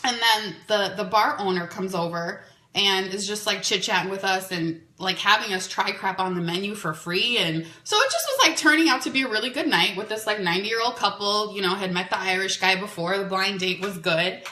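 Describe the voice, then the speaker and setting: A podcast host tells a dating story in a chatty, animated way, sprinkling in lots of "like"s. Her voice is medium-pitched and a little fast, recorded in an echoey room with slight background noise.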